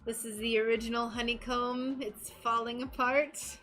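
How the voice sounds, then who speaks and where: A woman's voice: a little high, level tone, normal speed, fairly bright tone, soft background music. A woman chatting casually with her live-stream audience while crafting, giggly and talking to her pet. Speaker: stained glass streamer.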